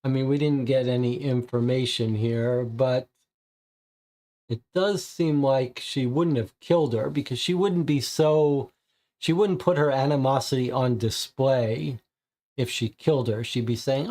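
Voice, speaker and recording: A man's voice: medium pitch, a little slow, warm tone. A man streaming a live board game playthrough, thinking aloud, reading cards out and answering chat casually.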